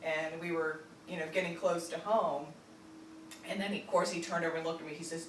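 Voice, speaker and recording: A woman from Virginia telling a personal family story, halting with many fillers and restarts. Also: sits low, steady tone. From Virginia, United States. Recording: roomy echo, distant mic, faint noise.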